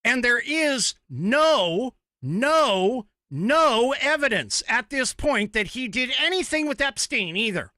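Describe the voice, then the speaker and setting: A man's voice: very high voice, big pitch swings, slow pace, hardly any pauses, pushed and bright, no room sound, studio quality. A man hosting an opinion podcast, ranting angrily in a profane monologue. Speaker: podcast host.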